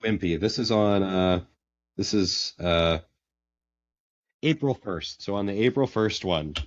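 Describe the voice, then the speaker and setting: A man's voice: fairly low pitch, slow pace, no echo, muffled recording. A man co-hosting a casual chat about comics, enthusiastic and often restarting his sentences. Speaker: podcast co-host.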